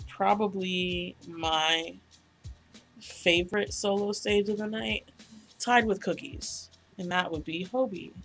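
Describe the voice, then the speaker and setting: A young woman vlogger chatting casually about a concert, gushing, excitable and full of slang and swearing. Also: fairly low pitch. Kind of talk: casual concert recap chat.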